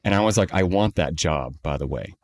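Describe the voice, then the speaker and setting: A man co-hosting a podcast, telling a long story in a casual, animated way and acting out the people he quotes. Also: deep voice, a little fast. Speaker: podcast co-host, company CEO.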